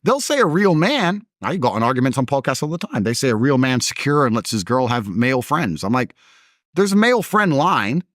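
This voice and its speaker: A man's voice: a little fast, dry recording, clean studio sound. A man in his thirties, an interview guest arguing emphatically in a heated conversation, with a mocking edge. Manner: emphatic, mocking, lively pitch swings.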